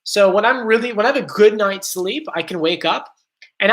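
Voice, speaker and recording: A man's voice: sits high, normal speed. A man with a South Jersey and Philadelphia accent, chatting casually on a live stream and rambling as he reads out viewer comments.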